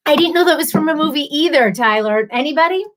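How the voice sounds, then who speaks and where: A woman with a slightly raised voice hosts a relaxed live stream. She talks to her viewers in an easy, chatty way, laughing often and answering people by name. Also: sits high, fast. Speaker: livestream host. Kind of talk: casual live-stream chat.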